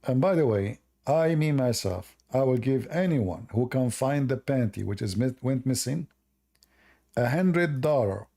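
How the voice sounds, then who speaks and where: Hoarse, sarcastic man with a mellow voice. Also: mid-range voice, normal speed, few pauses. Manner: sarcastic, argumentative, emphatic. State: hoarse, losing his voice. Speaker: host. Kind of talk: debate call-in discussion.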